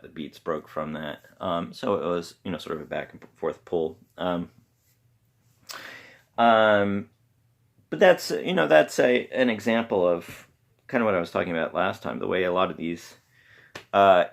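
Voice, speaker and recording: Deep gravelly man, rambling podcast talk. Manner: rambling, halting with many pauses. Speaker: podcast host. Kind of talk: casual solo talk on poetry. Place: home room with pets around.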